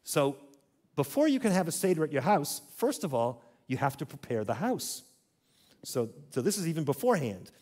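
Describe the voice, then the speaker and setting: A man's voice: on the high side, very animated, moderate pace, darkish tone, breathy edge. A man teaching a church audience in a conversational way, asking them to repeat words after him. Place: church hall.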